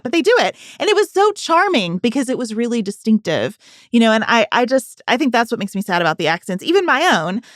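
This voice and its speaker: Animated storytelling woman, dry close mic. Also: fairly high pitch, brisk, no room sound. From Southern US. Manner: storytelling, animated when quoting others. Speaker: podcast co-host. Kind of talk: casual conversational podcast chat.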